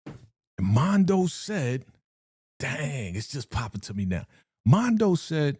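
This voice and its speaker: A man reacting live to a TV episode, his pitch swinging up and down as he gets worked up. He talks in loose slang, laughs, and acts out the characters' lines. His voice is mellow and close, with a dry sound. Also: sing-song, slow pace, long pauses, breathy edge, dry recording. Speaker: reaction streamer.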